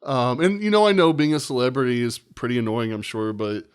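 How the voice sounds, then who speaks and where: A man in his thirties tells a story to his co-host. His talk is casual and animated, full of swearing, and he acts out what people said. His voice sits at an average pitch. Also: brisk, clear, resonant tone. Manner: animated, profane anecdote-telling with acted quotes. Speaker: podcast co-host.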